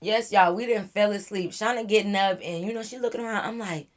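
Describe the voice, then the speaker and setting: A young woman vlogger telling a wild storytime to her viewers in an animated, slangy way. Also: mid-range voice, a little fast. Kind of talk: storytime chat to camera.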